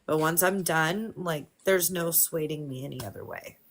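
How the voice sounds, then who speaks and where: Candid woman in her forties, gravelly. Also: deep voice. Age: 40s. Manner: candid, emotional, speaks haltingly. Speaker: guest on a live stream. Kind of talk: personal conversation.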